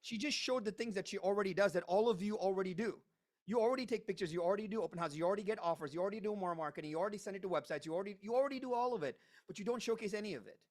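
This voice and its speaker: Male workshop presenter, quick delivery, slightly higher voice, emphatic and punchy, on a video call. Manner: emphatic, energetic, punchy repetition. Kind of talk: live online coaching presentation.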